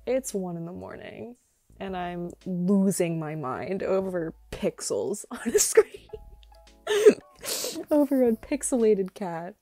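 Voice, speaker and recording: Excitable young woman gaming chatter. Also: slow. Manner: excitable, laughing, big pitch jumps and squeals. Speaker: gaming YouTuber. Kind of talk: casual gameplay commentary. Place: home, late at night. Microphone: earbuds. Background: faint game music.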